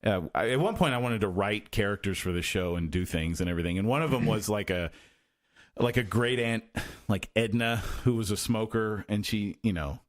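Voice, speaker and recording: A man's voice: on the low side, fairly quick. Rambling, hesitant male podcast co-host. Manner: rambling, hesitant, many restarts and fillers. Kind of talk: casual chat.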